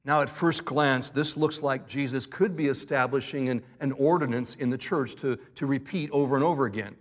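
A medium-pitched pastor preaches with conviction and emphasis. He slows down to underline key words and lightens things with occasional humorous asides.

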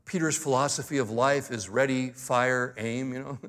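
A pastor delivering a sermon. He speaks earnestly and emphatically, slowing down to stress key words, and adds light humorous asides. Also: medium pitch, fairly even intonation, a bit bright.

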